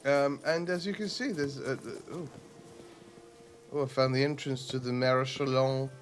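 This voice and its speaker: A man's voice: medium pitch, unhurried. A man streaming a role-playing game, chatting casually and rambling with self-mocking asides.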